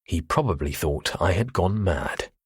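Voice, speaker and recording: A man narrating a first-person thriller audiobook in a measured, even way. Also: low-pitched, slightly rough, no room sound, clean studio sound.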